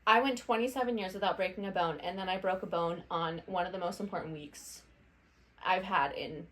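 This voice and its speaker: A woman's voice: on the low side, fairly quick, a bit bright. A woman in her late twenties, co-hosting a podcast and telling stories in a chatty, friendly way. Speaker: podcast co-host. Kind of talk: casual chat.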